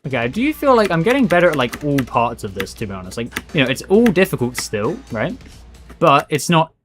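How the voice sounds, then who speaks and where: A man's voice: fairly high pitch, sing-song, fairly quick, faint music behind. A man streaming a game, talking to himself and his chat in a rambling, casual way and calling people "bro". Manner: chatty, rambling, says "bro" a lot. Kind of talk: live gameplay commentary.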